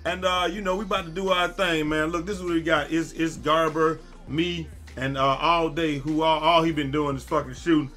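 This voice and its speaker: A young man giving loud, excitable live commentary while playing a basketball video game, often yelling at his teammates. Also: a little high, normal speed, hardly any pauses, faint music behind. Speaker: gaming YouTuber.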